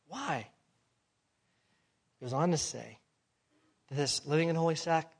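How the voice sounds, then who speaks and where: A man preaching a sermon, emphatic and full of rhetorical questions, swinging between loud and hushed delivery. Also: fairly high pitch, breathy edge.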